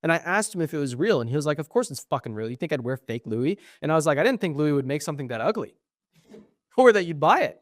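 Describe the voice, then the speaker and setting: A man's voice: a little high, animated, rapid-fire, few pauses, no room sound, clean studio sound. A young man co-hosting a podcast, telling stories in casual chat, quoting others and swearing often. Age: young adult. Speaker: podcast co-host.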